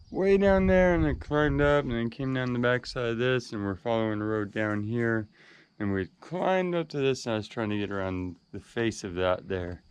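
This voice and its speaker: A man's voice: on the low side, a little mellow, clean tone. A man narrating as he hikes up a rocky trail, out of breath and wondering aloud at what he finds. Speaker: hiking vlogger. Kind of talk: casual narration while hiking. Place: outdoors on a rocky hillside. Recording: outdoor camera audio with background noise.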